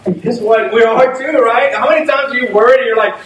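A man preaching a sermon in an animated, conversational way, often breaking into laughter. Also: very high voice, fast talker, highs cut off. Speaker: pastor. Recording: echoey room, mic at a distance, faint noise.

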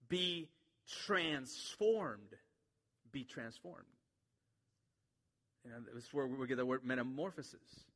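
A pastor preaches a sermon to his church congregation in a casual, joking way, using many fillers. His voice is high, pushed and bright, with a big-room sound.

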